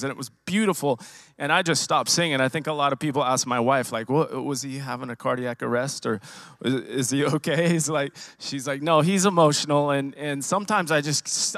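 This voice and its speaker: A man giving a personal testimony to his church congregation, emotional and halting, often repeating and restarting his words into a handheld microphone. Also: fairly high pitch, a bit bright, dry recording. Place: church sanctuary.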